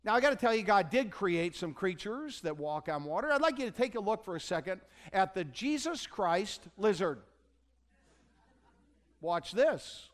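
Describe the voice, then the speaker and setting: A man's voice: high voice, sing-song, normal speed, hardly any pauses, a bit bright. A male pastor preaching a sermon in a church, retelling a story with humorous asides and questions to the congregation. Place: church sanctuary.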